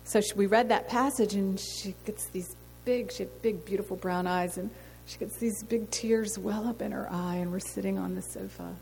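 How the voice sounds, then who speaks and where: Woman speaker, earnest storytelling sermon voice, slight fry, reverberant hall with faint noise. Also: mid-range voice, fairly even intonation, moderate pace, a little mellow. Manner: earnest, storytelling, rhetorical questions. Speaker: women's ministry speaker. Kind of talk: sermon testimony.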